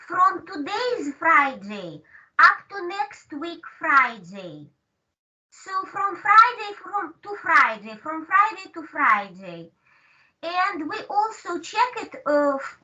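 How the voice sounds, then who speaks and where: A woman teaching an online language lesson, speaking slowly and patiently with many hesitations over a video call. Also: extremely high pitch, very animated, sharp tone. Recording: distant dull call audio.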